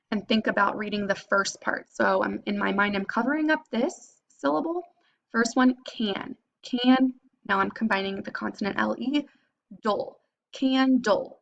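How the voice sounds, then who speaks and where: A woman teacher giving a phonics lesson to young students, patiently sounding out syllables slowly and clearly. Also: a little high, a bit bright, highs cut off.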